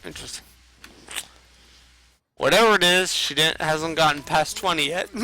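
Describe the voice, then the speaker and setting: Rambling, gravelly young man swearing at a game. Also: fairly high pitch, normal speed, bright, forceful tone, slight background noise, poor audio. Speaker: streamer. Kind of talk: casual gaming commentary.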